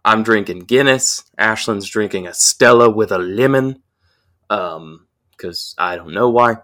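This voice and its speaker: Speaking a little slowly in a voice on the low side, this podcast co-host, a young man, swears freely as he recounts a rowdy story in a casual, animated style.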